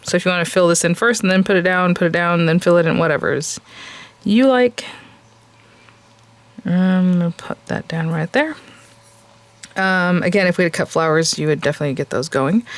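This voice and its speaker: A woman's voice: on the low side, normal speed, long pauses. A woman hosting a papercraft tutorial, chatting casually, thinking aloud with lots of fillers and laughing at herself now and then. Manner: chatty and self-amused, laughs at herself often. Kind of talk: casual craft tutorial chat.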